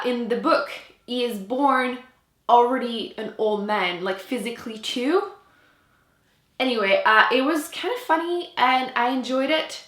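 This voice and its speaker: A young French Canadian woman talks through her month's reading in a chatty, casual way, leaning on "like" as she goes. Her voice sits a little high, and the room around her has a noticeable echo. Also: a bit bright. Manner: chatty, many "like" fillers. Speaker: book vlogger. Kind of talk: casual book review. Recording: echoey room.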